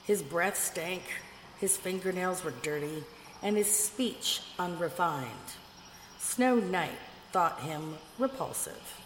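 A woman reads a fairy tale aloud in a measured, expressive way. Her voice is low and her pace unhurried. The recording has a long reverb and a faint background hiss. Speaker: narrator. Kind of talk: storybook reading. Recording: echoey room with long reverb, faint noise.

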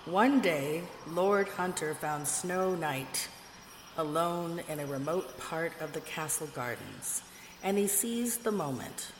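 A woman narrating a fairy tale in a measured, expressive reading. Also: deep voice. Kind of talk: storybook reading. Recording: echoey room with long reverb, faint noise.

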